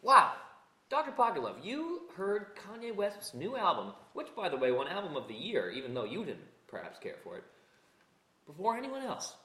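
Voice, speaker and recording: A man's voice: sits high, huge pitch swings, moderate pace, sharp tone, roomy sound. A man hosting a comedic radio show, upbeat and playful as he interviews a guest.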